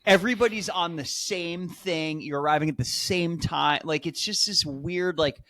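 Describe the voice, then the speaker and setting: A man co-hosting a podcast in casual chat, excited, with stammering restarts and swearing. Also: fairly high pitch, moderate pace, no echo. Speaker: podcast co-host.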